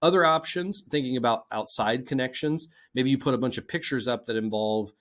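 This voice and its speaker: A man's voice: mid-range voice, fairly quick, a bit bright. A man giving a conversational instructional presentation, explaining a classroom activity step by step. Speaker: teacher presenter.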